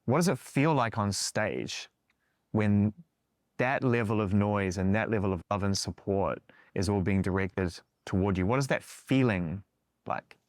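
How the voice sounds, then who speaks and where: A man's voice: fairly low pitch, measured pace, no echo, studio quality. A man interviewing a singer, asking long, earnest questions in a rambling way with filler words.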